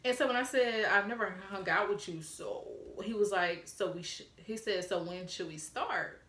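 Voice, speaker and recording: A woman's voice: medium pitch, moderate pace, bright, forceful tone. Blunt young woman, roomy echo. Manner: frank and blunt, swears freely; chatty, mimics the texts she retells. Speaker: vlogger. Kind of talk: casual storytime.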